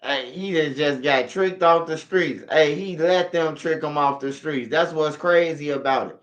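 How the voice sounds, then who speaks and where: Man, slightly high voice, casual reaction commentary, slangy and loose. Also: moderate pace, fairly bright tone, highs cut off.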